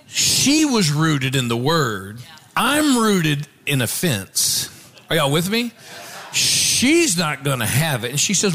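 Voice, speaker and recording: Animated high-voiced preacher man. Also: slow. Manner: animated, storytelling, jokes with the congregation. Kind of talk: sermon. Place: church before a congregation.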